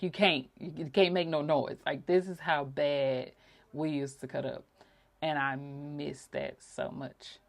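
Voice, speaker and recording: A woman with a low, deep speaking voice. She talks in a heartfelt, emotional way, telling personal stories as a podcast host with bursts of laughter. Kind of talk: personal reflective monologue.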